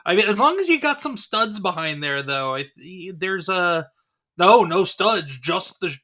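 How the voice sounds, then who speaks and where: Host dude, high and bright, chatty and upbeat. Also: male voice, very animated, a little slow. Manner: upbeat, talkative, laughing. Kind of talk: casual chat.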